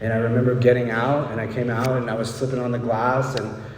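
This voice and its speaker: A man's voice: mid-range voice, level tone, fast, a little hiss or hum. Candid man speaking in a distant hall. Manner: candid, rambling, frequent "right?" asides. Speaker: recovery speaker. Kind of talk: personal recovery talk. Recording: roomy hall from far off.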